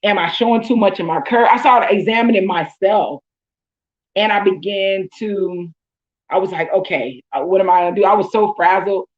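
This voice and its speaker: A woman's voice: medium pitch, moderate pace, highs cut off. A woman host, telling her own story in casual talk and acting out her thoughts in quotes.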